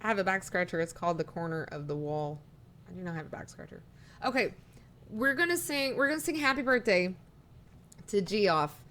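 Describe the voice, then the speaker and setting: A woman's voice: medium pitch, lively intonation, a little fast, a bit bright, slight background noise. A woman live streaming, chatting casually and rambling, reading viewer messages aloud as she talks.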